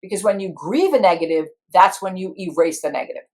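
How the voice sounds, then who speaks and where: A woman's voice: lowish voice, lively intonation, fast talker, a little mellow. A middle-aged woman, an IFS practitioner, telling a story in conversation and acting out her inner parts in quoted voices.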